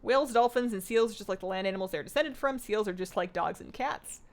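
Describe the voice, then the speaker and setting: A woman's voice: medium pitch, fast. A young woman livestreaming a game, chatting casually and answering viewers in a bubbly, rambling way. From Greek heritage. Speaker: streamer. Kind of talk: casual livestream chat, reading chat aloud.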